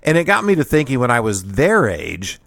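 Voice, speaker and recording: A male radio host from the Kansas City area spins a personal story, his pitch swinging up and down with lots of life. He chuckles as he goes, and the sound is close and dry, with no room around it. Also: huge pitch swings, brisk, gravelly, fairly bright tone, no room sound. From Kansas City area, USA. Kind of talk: solo storytelling monologue.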